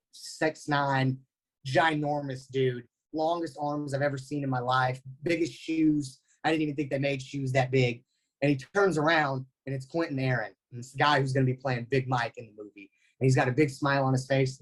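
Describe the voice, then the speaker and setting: A man, giving an animated storytelling talk as a guest speaker over a video call. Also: mid-range voice, poor audio. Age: 20s. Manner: animated, anecdotal.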